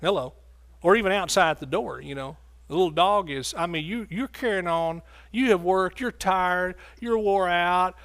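A man's voice: sits high, normal speed, a bit bright. A man preaching a sermon in a folksy, joking way.

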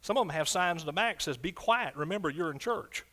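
A man's voice: lively intonation, fast talker. Fervent preacher man. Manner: fervent, swings from loud shouts to low asides. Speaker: pastor. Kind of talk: sermon.

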